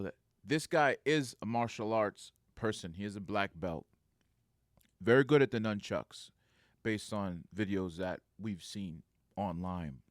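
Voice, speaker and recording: Man telling a lively story, dry sound. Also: on the low side, no room sound. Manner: animated storytelling, laughs often. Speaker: security supervisor. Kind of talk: casual anecdote.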